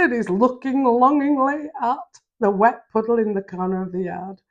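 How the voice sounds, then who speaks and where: A woman's voice: on the high side, lively intonation, normal speed. An older woman with a Yorkshire accent reading a children's story aloud, adding chatty homely asides.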